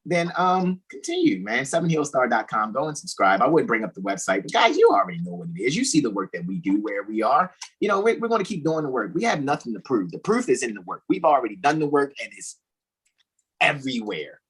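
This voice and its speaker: Husky, preachy male podcast host. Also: medium pitch, sing-song, a little fast, a bit bright, poor audio. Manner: emphatic, preachy, repeats "all righty". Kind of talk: casual podcast talk.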